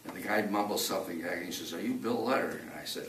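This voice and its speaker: An older man telling a personal survival story in a rambling, halting way, often repeating words and restarting. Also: deep voice. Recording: echoey room, distant mic, faint noise.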